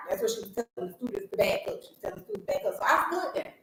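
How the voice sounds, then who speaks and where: A woman's voice: very fast, hardly any pauses. A woman co-hosting a podcast, telling a story in casual chat and acting out the people she quotes. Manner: animated, acts out quoted people in a higher voice. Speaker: podcast co-host. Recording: echoey room, mic far off.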